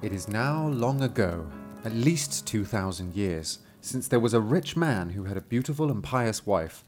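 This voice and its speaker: A man's voice: lowish voice, animated, moderate pace, music in the background. A man hosting a podcast, reading a fairy tale aloud with dry, wry asides. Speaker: podcast host.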